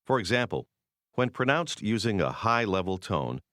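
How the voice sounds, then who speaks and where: Male course narrator, deep, lively pitch, measured, dry studio sound. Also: no room sound. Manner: measured, explanatory delivery. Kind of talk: scripted language-course narration.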